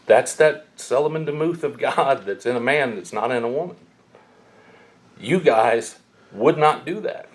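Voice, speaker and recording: A middle-aged man preaching a sermon, telling stories bluntly with sharp, emphatic peaks. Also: medium pitch. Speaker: pastor.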